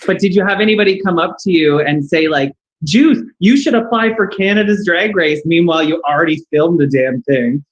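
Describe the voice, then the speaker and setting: A man co-hosting a video call interview, gushing with excitement and jumping in over others. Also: fairly high pitch, fairly quick, hardly any pauses, low-quality recording. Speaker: co-host. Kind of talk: casual interview chat.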